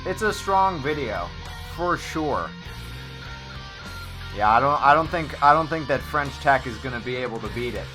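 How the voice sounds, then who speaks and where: A man hosting a live-stream clip tournament in casual chat, excitable and rambling with lots of fillers. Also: medium pitch, moderate pace, music in the background.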